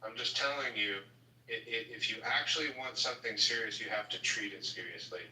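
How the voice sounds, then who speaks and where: A man's voice: fairly low pitch, a little fast, pushed and bright. A man hosting a casual live audio chat, lecturing emphatically. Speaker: host. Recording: echoey, distant, faint noise.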